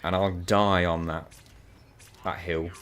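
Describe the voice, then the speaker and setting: A man's voice: low-pitched, flat delivery, slow pace, a bit bright, a little hiss or hum. A man chatting casually while playing a co-op video game, telling stories animatedly and laughing often. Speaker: co-op gaming channel host.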